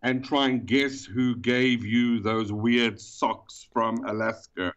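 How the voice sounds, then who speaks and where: A man with a South African accent, a guest in a podcast interview, explaining at length with pauses and fillers. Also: medium pitch, steady tone. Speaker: guest, event organizer. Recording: dull, lo-fi sound.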